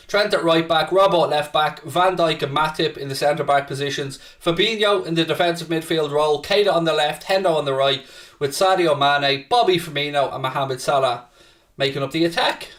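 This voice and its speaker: A man's voice: a little high, fairly quick, a bit bright, distant mic. Chatty man, a bit off-mic. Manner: chatty, reads viewer messages aloud, swears when worked up. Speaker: host of a live football watchalong. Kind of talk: casual live-stream chat.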